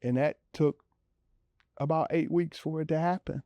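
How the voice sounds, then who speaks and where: A man telling his own story in a relaxed, conversational way, with many fillers and acted-out quotes of other people. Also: a little high, normal speed, dry recording. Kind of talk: personal storytelling.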